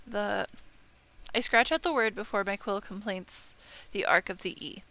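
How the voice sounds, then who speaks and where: A let's-play streamer plays a visual novel, voicing the narration with offhand comments and frequent stumbles she corrects. Game music runs underneath. Her voice is medium-pitched and sharp-toned at a moderate pace.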